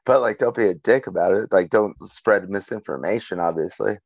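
A man's voice: on the low side, brisk, creaky, breathy edge, no room sound. A young man co-hosting a casual podcast chat, telling a story and laughing often as he goes. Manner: laughs through a storytelling rant.

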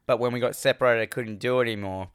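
Un hombre que presenta un podcast y cuenta una película en charla informal, riéndose e imitando las frases de los personajes. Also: male voice, mid-range voice, steady tone, fast talker, clean tone, no room sound, clean studio sound. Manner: laughing, retells scenes acting out the characters' lines. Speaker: podcast co-host. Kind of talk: casual movie recap chat.

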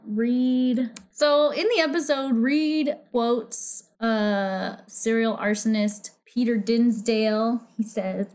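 A woman's voice: on the high side, a little mellow. A woman co-hosting a podcast, recapping a TV episode in casual chat, swearing freely and laughing as she acts out quotes. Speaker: podcast co-host.

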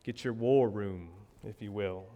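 A male pastor giving a sermon in a church, speaking conversationally and repeating key phrases, rising in pitch for emphasis. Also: unhurried, muffled recording.

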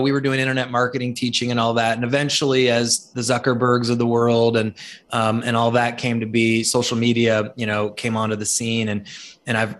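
Brief: a male speaker and author, animated and chatty, repeats words on the way into his sentences. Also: medium pitch. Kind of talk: storytelling interview talk.

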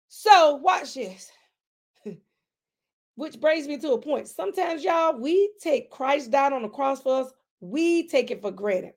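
A woman with a high voice preaches a conversational sermon. She talks straight to her listeners, stresses key lines hard and then drops into quiet asides. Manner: emphatic, addresses listeners directly; swings between loud emphasis and quiet asides.

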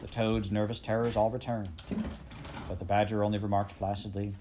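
Man narrating an audiobook in a low mellow voice. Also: slight background noise. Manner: measured, expressive storytelling.

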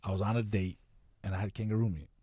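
A man telling stories in casual chat, swearing constantly and talking in a loose, animated way. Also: on the low side, fast talker, husky, dry recording. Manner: profane, storytelling, animated.

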